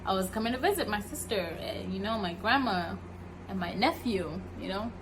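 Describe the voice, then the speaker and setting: A young woman from Kenya telling a casual story while cooking at home, animated and acting out the people she quotes. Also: medium pitch, normal speed, background noise. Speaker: vlogger. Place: home kitchen.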